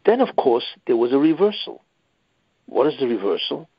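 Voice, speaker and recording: Man, rabbi, weekly lecture, husky voice, emphatic, dull dry lo-fi recording. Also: mid-range voice, very animated, moderate pace, no room sound. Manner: repeats "you see" often, emphatic. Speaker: rabbi giving a weekly class.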